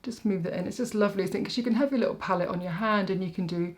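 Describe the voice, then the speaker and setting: A woman's voice: medium pitch, very fast. Chatty woman doing makeup. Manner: rambling, self-mocking, talks while working. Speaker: makeup artist.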